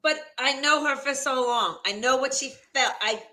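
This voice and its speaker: Woman guest, musician, high and bright, laughs easily. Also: moderate pace. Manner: laughs often, gives short agreeing replies. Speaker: musician and arranger. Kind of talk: casual chat.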